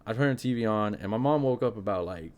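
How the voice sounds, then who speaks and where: A young man hosting a podcast, telling a spooky personal story in an animated, casual way, full of fillers. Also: lowish voice, fast. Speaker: podcast host.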